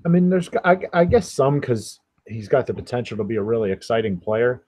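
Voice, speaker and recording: A man's voice: mid-range voice, expressive, brisk, darkish tone. A man co-hosting a casual podcast, laid-back and wry, sometimes hesitant. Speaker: podcast co-host.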